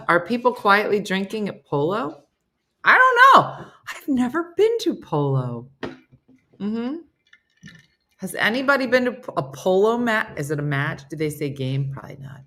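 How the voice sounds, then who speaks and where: A woman's voice: mid-range voice, big pitch swings, normal speed, a bit bright. A woman hosting a casual live-stream chat, reading viewer comments aloud and answering them. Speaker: host.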